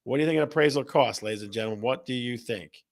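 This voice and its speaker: A man hosting a live online show, energetic and repetitive, rattling off viewer answers like an auctioneer. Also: mid-range voice, fast talker, vocal fry. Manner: energetic, auctioneer-like, repeats questions. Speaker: host. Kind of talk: livestream show host reading chat.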